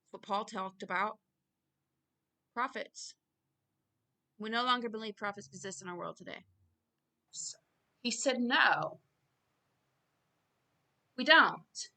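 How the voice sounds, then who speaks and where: Bright-voiced woman preaching over scripture. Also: mid-range voice, measured pace, pauses often. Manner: earnest, rising to loud emphatic preaching. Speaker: self-styled preacher. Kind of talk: informal Bible reading and sermon.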